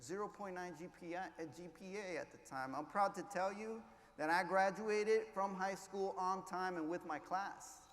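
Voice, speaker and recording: A man giving an inspirational keynote, telling his story with hushed lows and loud surges, mixing in Spanish words. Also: normal speed. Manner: passionate, swings between hushed and loud, drops Spanish words. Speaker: keynote speaker. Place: large conference hall. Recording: echoey hall, faint ambience.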